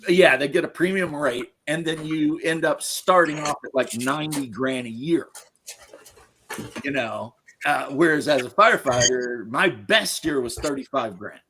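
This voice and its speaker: A man's voice: mid-range voice, pushed and bright. A middle-aged man, a podcast host, giving his opinions in a blunt, crude, casual chat and laughing at his own stories.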